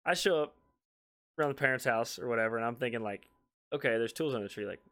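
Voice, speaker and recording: A young man co-hosting a podcast, telling family stories in casual chat with lots of laughter and sudden jumps up in pitch when quoting himself. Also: quick pace, fairly bright tone. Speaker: podcast co-host.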